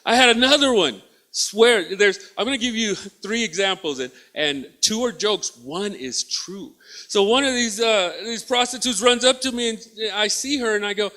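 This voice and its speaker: A man's voice: high-pitched, moderate pace. A man performing a stand-up comedy set in a theatre, telling stories with acted-out dialogue and bantering with the crowd. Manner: animated storytelling, acts out both sides of dialogues, banters with the crowd. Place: theatre stage.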